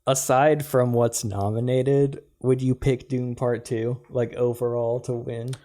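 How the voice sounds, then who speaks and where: Young male podcast co-host, mellow tone, loose chatty delivery full of "like" and "yeah.". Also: medium pitch, flat delivery, unhurried. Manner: chatty, filler-heavy with "like" and "yeah". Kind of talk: casual chat.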